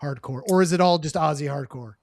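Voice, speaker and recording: A man hosting a podcast interview in a relaxed, joking way, with lots of "dude" and "you know.". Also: fairly high pitch, brisk, dry recording, studio quality. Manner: laid-back, joking, says "dude" and "you know" a lot. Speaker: podcast host. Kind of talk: casual chat.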